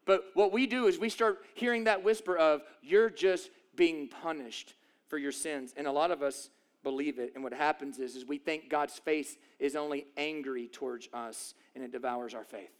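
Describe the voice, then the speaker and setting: A man's voice: fairly high pitch, moderate pace. A man preaching a sermon, emphatic, asking rhetorical questions and repeating phrases for effect. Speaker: pastor.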